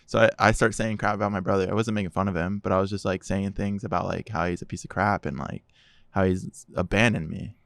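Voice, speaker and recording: Man, low and gravelly, casual podcast guest acting out the dialogue as he tells his story. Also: fast talker, dry recording. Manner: animated storyteller, quotes others in dialogue.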